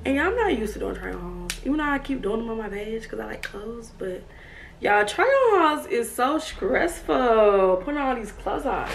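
Her voice is gravelly and higher-pitched, swinging widely in tone at a normal speed, as this young fashion vlogger breathlessly laughs and chats during a try-on haul. Slight background noise, faint music, an echoey room, and a distant mic color the audio.

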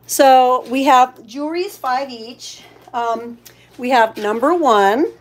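A woman's voice: high voice, slow pace. A woman hosting a casual live shopping stream. She is chatty, thanks each buyer and stops to coo at her pets.

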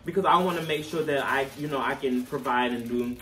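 A man's voice: medium pitch, fairly quick, sharp tone. A young man talking casually to camera as a vlogger, candid and chatty, laughing at himself. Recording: distant camera mic, faint room noise.

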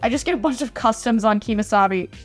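A woman's voice: a little high, fast. A young woman chatting playfully and gushing as she shows off her haul in a casual vlog. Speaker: model horse collector vlogger. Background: faint background music.

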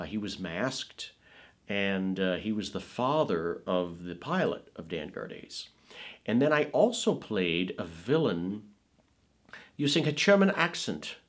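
Low-voiced middle-aged man reminiscing. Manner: animated storyteller, trailing off softly at phrase ends. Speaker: film producer interviewee. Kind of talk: casual interview recollection. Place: Woodland Hills, California.

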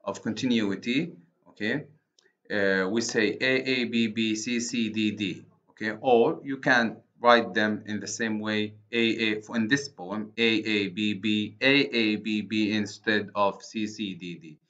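A man with an Arabic accent giving a recorded university lecture on poetry, speaking haltingly and correcting himself often. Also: on the low side, steady tone, a bit bright. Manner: slow, halting, many restarts and self-corrections. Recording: dull lo-fi recording.

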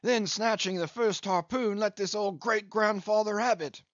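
A man's voice: high-pitched, normal speed, fairly bright tone, no room sound, muffled recording, voice pushed up. A man doing a hearty yarn-spinning whaling captain. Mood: storytelling. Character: hearty good-humoured whaling captain, talkative.

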